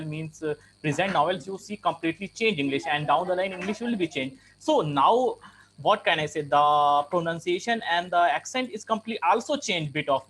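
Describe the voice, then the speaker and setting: A man's voice: fairly high pitch, fairly bright tone, a little hiss or hum. A young man in a casual group discussion, explaining points with spoken examples, repeating phrases and using many fillers. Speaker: participant in an English speaking practice group.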